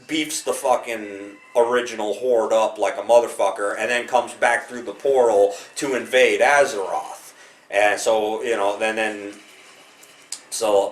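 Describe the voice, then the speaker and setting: A man's voice: fairly low pitch, reverberant. A man talking casually to camera about a game, rambling with many restarts and frequent swearing. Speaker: gaming video host.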